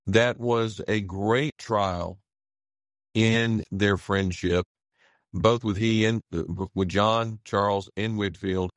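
Slow, halting pastor, low voice. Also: male voice, dry recording. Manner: halting, with frequent restarts. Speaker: pastor and author. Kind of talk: radio interview answers.

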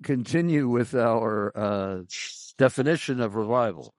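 A man co-hosting a podcast, telling a joke in a slow, deliberate storytelling way. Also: medium pitch, a little mellow, no room sound, studio quality. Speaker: podcast co-host.

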